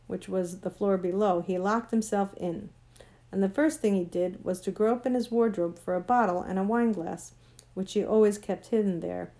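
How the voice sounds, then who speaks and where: A woman reads a children's storybook aloud as narrator, steady and gentle in her storytelling. Her voice is warm and mellow, never sharp or bright. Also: medium pitch. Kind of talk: audiobook narration.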